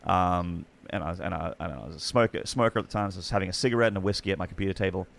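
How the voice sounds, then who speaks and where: An Australian man, a guest esports commentator, telling rambling, excitable stories in casual chat. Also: low voice, racing, gravelly. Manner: rambling, excitable anecdotes with many restarts.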